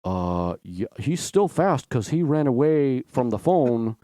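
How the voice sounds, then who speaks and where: A man's voice: medium pitch, very animated, takes it slowly, dark tone, dry recording, clean studio sound, voice pushed down. A man playing an awkward, tipsy teenage boy calling a stranger, hesitant and full of fillers.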